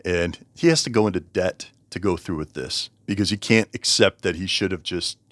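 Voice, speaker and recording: A man's voice: sits low, moderate pace, a bit bright, no room sound. A man casually reviewing a book, rambling, correcting himself and chuckling as he talks. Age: over 20.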